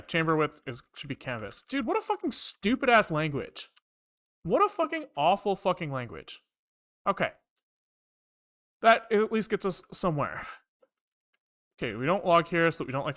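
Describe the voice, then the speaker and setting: Swearing live-coder with a lively voice. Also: mid-range voice, moderate pace. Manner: muttering code aloud, frequent frustrated swearing. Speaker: programmer streaming live coding. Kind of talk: live coding, thinking aloud.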